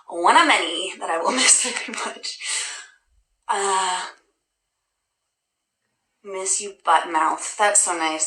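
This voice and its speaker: A woman's voice: lowish voice, sharp tone. A woman hosting a casual livestream, answering fan questions in a bubbly, self-deprecating way with lots of "um"s. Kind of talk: casual chat. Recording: roomy echo.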